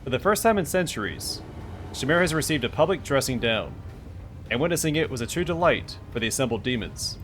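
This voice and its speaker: Guy narrating his rpg playthrough, reads the text out and cracks jokes at rolls, average voice, bit of music low behind. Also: lively intonation, brisk, a bit bright. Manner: wry, reactive, joking. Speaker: let's play host. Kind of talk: reading game text and commenting casually. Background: faint music.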